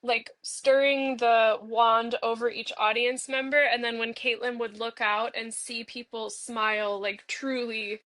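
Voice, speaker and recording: A young woman speaks as a playful part of herself in a therapeutic role-play. Her voice sits a little high and bubbly, and her talk is full of "like." The recording is close and dry, with almost no room sound. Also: flat delivery, unhurried, few pauses, fairly bright tone, no room sound. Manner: playful and bubbly, many filler "like"s.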